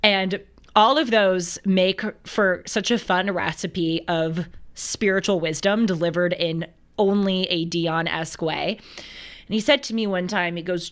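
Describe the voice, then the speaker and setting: Woman talk host, slightly low-pitched, lively and chatty with laughing asides. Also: moderate pace. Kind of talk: casual commentary with scripture reading.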